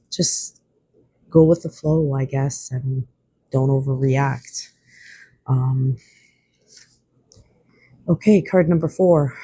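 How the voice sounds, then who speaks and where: Oracle reader, reassuring and unhurried, dark husky voice, close dry sound. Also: mid-range voice, dry recording. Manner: gentle, reassuring, slightly rambling. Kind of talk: spiritual oracle card reading.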